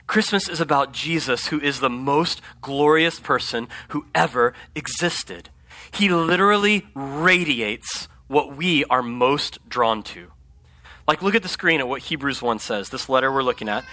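A man's voice: medium pitch, measured pace. A man preaching a conversational sermon, often checking in with his congregation by asking "right?". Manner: conversational, animated, asks the audience "right?". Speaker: pastor.

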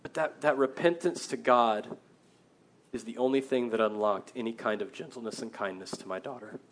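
A man in his thirties, a pastor preaching a sermon, earnest, moving between loud emphasis and quiet, reflective passages. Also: mid-range voice, normal speed, a little hiss or hum.

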